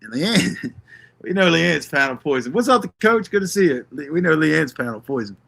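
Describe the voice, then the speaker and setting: Stream host guy, gravelly and bright, cussing up a storm and rambling. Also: on the high side, very animated, moderate pace. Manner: swears constantly, rambles, reads out chat names. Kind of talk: casual profane ranting chat.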